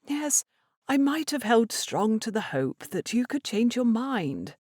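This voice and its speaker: A woman voicing a proud, stubborn middle-aged mother in a Regency audiobook, speaking in a brisk, clipped, weary way. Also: on the high side, very animated, darkish tone, dry recording, studio quality, voice pushed up. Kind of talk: audiobook character reading.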